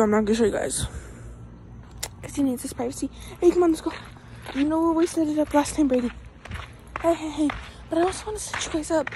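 Young woman, high voice, bossy dog-training vlogger, noisy outdoor phone audio. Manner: bossy, commanding toward her dog, swears casually. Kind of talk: casual vlog talk. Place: outdoors at a park. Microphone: phone held in hand.

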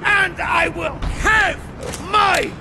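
A gravelly, vengeful Russian soldier. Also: male voice, very high voice, extremely slow, heavily acted. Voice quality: gravelly, shouting. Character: vengeful Russian soldier bellowing his name. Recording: distant game audio with background noise.

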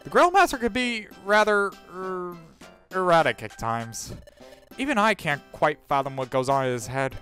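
A player voicing a fussy, excitable bird who runs things, with shrill, emphatic exclamations in a fan dub of a game. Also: moderate pace, soft background music. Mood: haughty.

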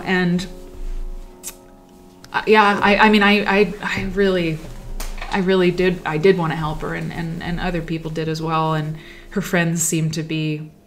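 A woman hosting a livestream, telling stories in a rambling, reflective way that often trails off. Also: fairly low pitch. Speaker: livestream host. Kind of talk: casual livestream storytelling. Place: at home while sewing.

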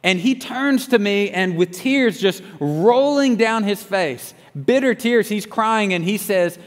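A man's voice: sits high, lively intonation, slow, few pauses, in a large hall. A man preaching a sermon, telling a story earnestly and often restarting his sentences. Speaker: pastor.

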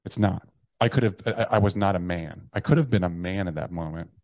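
A man's voice: low-pitched, a little fast, a little mellow, dry recording. A man in his thirties, a podcast guest telling his story candidly, blunt and profane, often restarting his sentences.

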